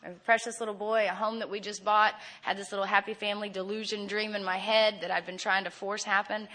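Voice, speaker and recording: An adult woman giving a candid personal testimony at a recovery meeting, animated and laughing often. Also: medium pitch, brisk.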